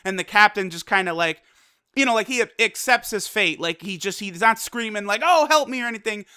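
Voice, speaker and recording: A man reviewing an anime episode in casual, slangy talk, animated and profane, with lots of fillers. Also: high-pitched, brisk, clear, resonant tone. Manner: frequent fillers like "like" and "you know".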